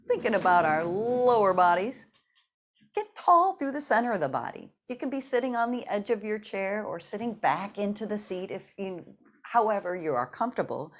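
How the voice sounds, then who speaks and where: A middle-aged woman leading a seated exercise class. She talks slowly and gently, and she laughs often between her cues. Her voice sits at a middle pitch. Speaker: fitness instructor.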